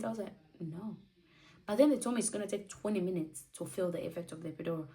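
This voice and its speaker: A young woman in her twenties tells a personal story in a casual, animated way. She acts out what others said and sometimes drops to a near whisper. Her voice is mellow and sits a little back from the mic. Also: fairly low pitch, quick pace, recorded from a distance. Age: 20s. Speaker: vlogger.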